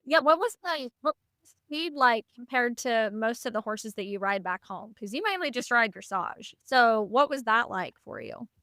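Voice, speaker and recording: Higher-voiced woman host asking questions. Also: expressive, sharp tone, no echo, clean studio sound. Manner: curious, quick follow-up questions. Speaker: podcast host. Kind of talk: casual interview questions.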